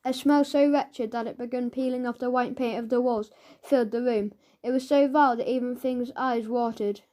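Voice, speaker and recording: A woman's voice: a little high, fairly even intonation, moderate pace, mellow. A woman narrating a children's audiobook in a playful way, reading sound effects aloud.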